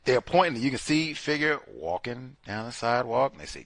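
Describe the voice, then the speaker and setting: A man's voice: mid-range voice, fast, hardly any pauses, dry recording. A man hosting a casual commentary show, talking animatedly and acting out what others said with exclamations. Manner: animated, acts out quoted speech with exclamations. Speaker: podcast host.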